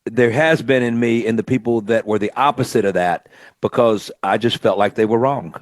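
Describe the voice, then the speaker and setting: A man from Mississippi hosting a relaxed radio chat. He talks in a reflective, grateful way, and his phrases drift along at an easy pace. The sound is close and dry, with no room echo. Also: mid-range voice, moderate pace. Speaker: radio show host and singer-songwriter.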